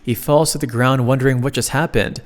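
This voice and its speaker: A man's voice: medium pitch, fairly even intonation, a little fast, in a large hall. A man narrating a comic recap in a casual way, slipping in joking asides.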